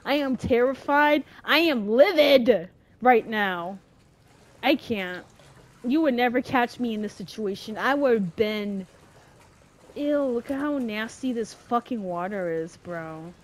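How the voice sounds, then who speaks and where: Brief: young woman streamer, slightly high voice, slow drawn-out delivery, swears a lot, panics loudly. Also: lively intonation. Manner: swearing, dramatic, easily scared. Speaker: let's play gamer. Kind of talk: horror game commentary.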